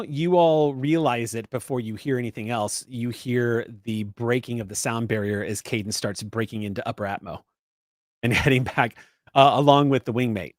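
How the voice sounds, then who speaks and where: Man GM narrating a sci-fi game scene, descriptive, chuckling, middle pitch, dry sound. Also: moderate pace, no echo. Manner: descriptive, laughs often, frequent fillers. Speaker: game master.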